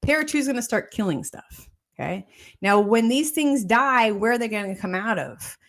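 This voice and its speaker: A woman's voice: fairly high pitch, animated, normal speed. Chatty woman doctor explaining things. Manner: repetitive, keeps checking in with "okay?" and "right?". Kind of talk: casual health talk explaining a protocol.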